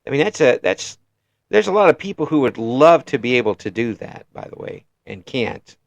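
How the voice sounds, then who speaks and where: A man with a Midwestern American accent, hosting a relaxed interview at a middle pitch. He talks in halting bursts, restarting his phrases and chuckling often. The sound is dry and close, with no room echo. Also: highs cut off. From Illinois. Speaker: interview host. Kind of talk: casual interview chat.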